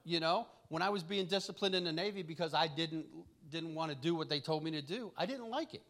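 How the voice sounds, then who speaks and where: A man's voice: a little high, brisk, a bit bright. Folksy middle-aged male preacher. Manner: folksy, chuckling storyteller with frequent restarts. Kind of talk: conversational sermon with personal stories.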